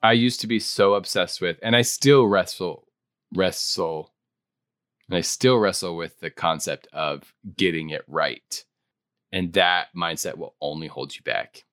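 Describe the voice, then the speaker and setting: A man's voice: sits low, measured pace, fairly bright tone, no echo, studio quality. A man co-hosting an improv podcast in casual chat, speaking earnestly and reflectively, often repeating himself. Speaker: podcast co-host.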